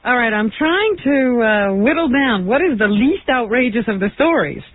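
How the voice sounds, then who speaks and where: A woman's voice: on the high side, lively intonation, normal speed. Wry woman co-hosting radio. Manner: wry, interjecting. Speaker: radio co-host. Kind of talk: talk radio banter. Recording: tinny phone-like radio audio.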